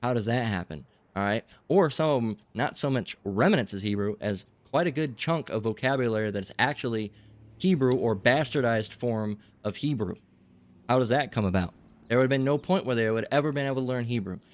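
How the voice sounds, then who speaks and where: A man's voice: medium pitch, fairly quick. Rambling man giving a religious lecture. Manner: rambling, keeps checking in with "okay?" and "all right?". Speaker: religious teacher.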